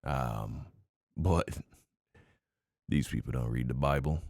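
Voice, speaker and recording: A man's voice: rumbling low, gravelly, darkish tone, no room sound, studio quality. A man streaming reactions to news clips, breaking in with short exclamations and casual commentary. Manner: reacts aloud, quick exclamations between clips.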